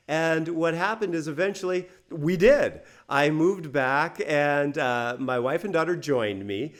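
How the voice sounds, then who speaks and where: A middle-aged man casually telling a personal story to English learners, chatty and laughing between phrases. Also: a little high.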